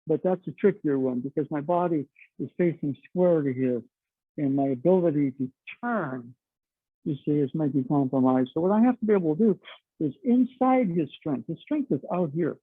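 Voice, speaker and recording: A man's voice: fairly high pitch, normal speed, husky, no room sound. A middle-aged man teaching a martial arts class, explaining chattily with lots of "okay" and "you know.". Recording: dry, tinny phone-like sound.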